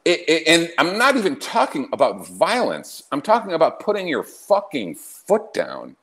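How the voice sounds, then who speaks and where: Brash ranting man, lively pitch. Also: normal speed. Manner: brash, mocking, ranting, laughs often. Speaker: podcast host. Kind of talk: casual profane podcast chat.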